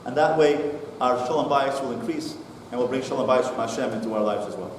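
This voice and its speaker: A middle-aged rabbi gives a talk to a congregation in a synagogue hall, telling an animated story and acting out the dialogue. His voice is medium in pitch and he talks fast. The echoey hall is recorded from a distant mic far from him, with slight background noise.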